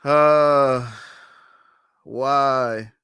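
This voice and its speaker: A man hosting a live fight watch-along, giving fan commentary, who swears often and pleads and shouts at the fighters on screen. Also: mid-range voice, steady tone, extremely slow, clean tone, no room sound.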